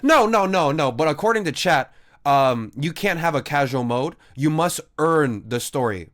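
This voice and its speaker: A man's voice: on the high side, expressive, normal speed, a bit bright. A man streaming a game, chatting casually with a sarcastic, teasing manner and frequent swearing. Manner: sarcastic, teasing, mock-arguing with chat.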